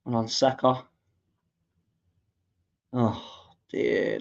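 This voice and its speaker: A man from England commentating live on a match as a fan podcast host, reacting loudly to play and reading viewer comments. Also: medium pitch, slow, creaky, long pauses. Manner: excitable, shouts at goals, reads out viewer comments. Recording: dull lo-fi mic.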